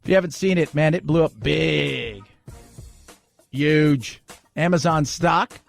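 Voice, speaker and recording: A man hosting a talk radio show, talking in an animated, sarcastic, conversational way. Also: a little high, slow pace, vocal fry, faint music behind. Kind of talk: talk radio monologue and ad read.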